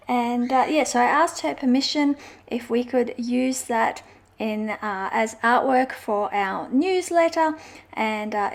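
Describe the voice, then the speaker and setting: A woman talks through her journal decorating in a relaxed, sing-song chat, often circling back with fillers and restarts. Her voice sits a little high and carries a gravelly fry. She takes her time, unhurried and slow. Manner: chatty, meandering, with frequent fillers and self-corrections. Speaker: journaling vlogger. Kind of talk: casual crafting chat.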